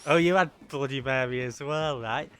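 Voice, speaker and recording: A man's voice: medium pitch, normal speed, fairly bright tone. A man with a Mancunian accent streaming a game live, rambling and joking with his chat in a self-mocking way. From Manchester, England. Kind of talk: casual live-stream chat while playing. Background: game music.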